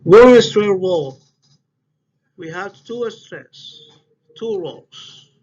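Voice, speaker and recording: A high-voiced man gives a class presentation at a slow, careful pace, often stopping to restart his phrases. The recording is dull and lo-fi, with faint hiss underneath. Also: a little mellow, breathy edge. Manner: halting, restarts phrases, non-native English phrasing. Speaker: student presenter.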